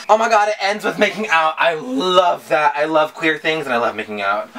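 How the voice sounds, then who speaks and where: A man's voice: a little high, big pitch swings, normal speed, few pauses. A young man hosting a music video reaction, gushing and rambling with self-mocking asides. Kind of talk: excited reaction chat. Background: song playing faintly.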